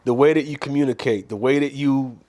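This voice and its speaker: A man's voice: mid-range voice, fairly even intonation, a little fast, darkish tone. A man talking casually as a show regular, reflecting at length and explaining his points with homespun comparisons. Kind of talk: casual green-room chat.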